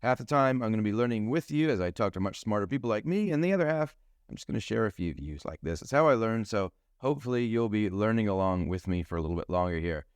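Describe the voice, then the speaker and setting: Quick-paced and expressive, a New Zealand financial advisor runs his solo podcast with jokes, chatter and food metaphors. His lowish voice is smooth, recorded in studio quality without room sound.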